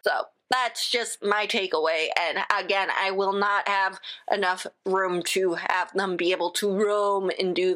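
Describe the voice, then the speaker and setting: A woman's voice: mid-range voice, a bit bright. A woman from the United States hosting a solo podcast, talking in a rambling, chatty way and often breaking off her own sentences. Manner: rambling, chatty, self-interrupting with "again". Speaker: podcast host.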